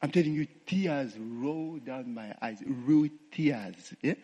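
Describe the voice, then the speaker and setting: Ugandan preacher in an echoing hall. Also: male voice, medium pitch, slow, mellow, husky. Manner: call-and-response tags, laughing asides. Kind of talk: testimony sermon.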